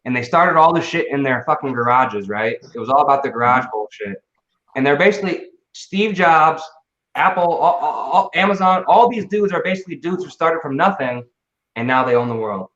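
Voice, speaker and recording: A man with a fairly high voice who rambles and swears as he co-hosts a casual livestream. He talks excitably, jumping from thought to thought. His voice comes through dull, lo-fi stream audio in a roomy space. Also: fairly quick. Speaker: livestream co-host.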